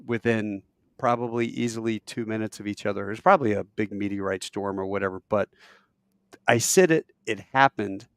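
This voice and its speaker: Brief: gravelly-voiced man in his fifties, podcast host, lively storyteller, dry close recording. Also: on the low side, a little fast, no echo. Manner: animated, acts out voices in his anecdotes. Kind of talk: conversational storytelling.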